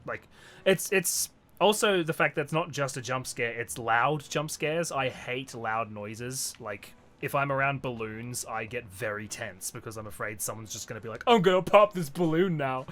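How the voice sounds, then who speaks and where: A man streaming a game and chatting casually, quick to laugh, rambling from topic to topic. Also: medium pitch. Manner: animated, laughs often, loose rambling talk. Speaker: streamer and co-host. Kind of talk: casual chat while gaming. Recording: faint game music behind.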